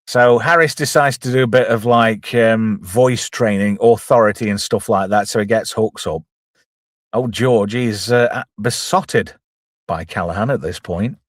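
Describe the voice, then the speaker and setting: A man's voice: on the low side, unhurried, dry recording, clean studio sound. A man chattily retelling a comedy film scene by scene, with self-deprecating asides. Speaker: film reviewer, channel host. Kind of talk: casual film recap.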